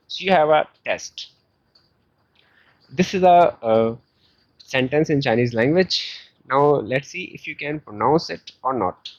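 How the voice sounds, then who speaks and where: A man with a South Asian English accent teaching a beginner language lesson, explaining slowly and patiently with many fillers. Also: medium pitch, no echo. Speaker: Chinese teacher. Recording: dull lo-fi sound.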